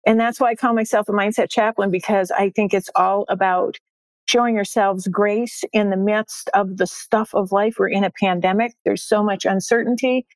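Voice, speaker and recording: A woman's voice: medium pitch, steady tone, normal speed, dry recording. An older woman, a success coach, speaking as a podcast guest in an upbeat, emphatic way and repeating her key phrases. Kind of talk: podcast interview.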